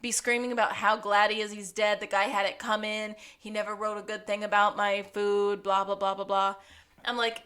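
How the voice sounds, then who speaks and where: A woman's voice: medium pitch, moderate pace. Woman, podcast co-host, casual recap, playful character bits, frequent laughter. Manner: animated, acts out characters' lines while recapping, laughs often.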